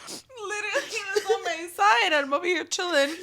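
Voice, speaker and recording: A woman's voice: extremely high pitch, lively intonation, brisk, bright, forceful tone, a little hiss or hum. A young woman co-hosting a podcast, giggly and casual, swearing as she chats. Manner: giggly, swears, joins in on the stories. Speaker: podcast co-host. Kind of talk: casual chat.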